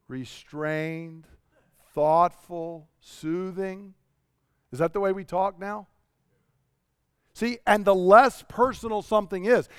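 A man's voice: high-pitched, clear, resonant tone, no room sound, clean studio sound. A man giving a sermon in a conversational storytelling way, asking the congregation rhetorical questions. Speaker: pastor.

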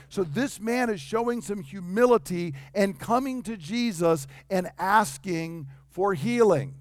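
A man preaching a sermon, animated, acting out the people in the story with changing voices. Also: fairly high pitch, dry recording. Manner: animated, acts out quotes in varied voices.

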